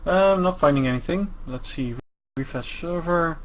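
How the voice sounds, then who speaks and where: A man's voice: a little high, normal speed, highs cut off. A man playing alongside the host on a live stream, chatting casually in short, laid-back remarks.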